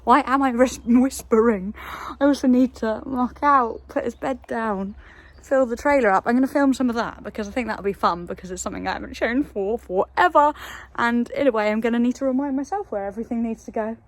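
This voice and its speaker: A woman's voice: fairly high pitch, fairly quick, no echo. A woman vlogging casually from her stables, chatting to the camera and cooing baby talk to her animals. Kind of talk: casual vlog chat.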